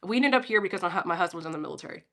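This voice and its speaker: A woman's voice: fairly low pitch, lively intonation, rapid-fire, bright, forceful tone. Philly woman on a livestream, blunt and sweary, chatting straight to her viewers. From Philadelphia, US. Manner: blunt, profane, talks straight to chat. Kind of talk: casual livestream pep talk.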